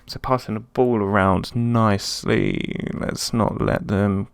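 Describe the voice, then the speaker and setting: A let's play host slowly talks his way through a football management game, relaxed and chatty, then yelps with excitement whenever something happens. His voice is low and gravelly. The recording is dry and close, with no room sound at all.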